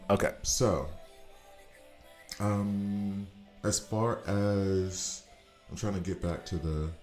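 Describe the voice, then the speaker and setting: Deep-voiced rambling man streaming a game. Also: darkish tone. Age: 40s. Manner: rambling, chatty, quick to laugh. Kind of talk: casual livestream commentary. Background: faint background music.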